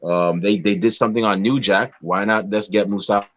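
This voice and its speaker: A man's voice: lowish voice, steady tone, brisk, fairly bright tone. A man, a podcast guest, explaining things in casual chat with enthusiasm.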